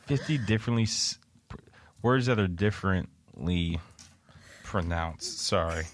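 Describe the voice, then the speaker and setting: A man's voice: sits low, unhurried. A man hosting a casual chat in a playful, rambling way that drifts off on tangents. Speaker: podcast host.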